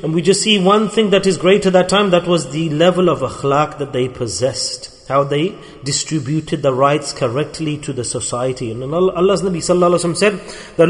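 A man delivers a sermon, telling stories earnestly and drawing out key words as he repeats them. His voice sits on the high side for a man. Long reverb from the hall trails behind him. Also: brisk. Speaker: preacher.

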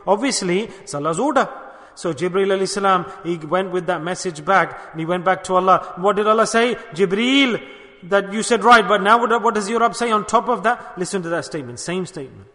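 Male preacher, high and bright, exhorting in a storytelling way, long hall reverb. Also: a little fast. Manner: storytelling, exhorting, mixing Urdu and Arabic religious terms. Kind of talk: sermon.

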